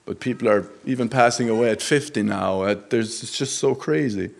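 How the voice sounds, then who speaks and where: A man's voice: fairly low pitch, gravelly. Earnest plain-spoken man preaching. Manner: earnest, halting, plain-spoken, with restarts and rising emphasis on quoted Scripture. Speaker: lay preacher. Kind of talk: sermon. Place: church service.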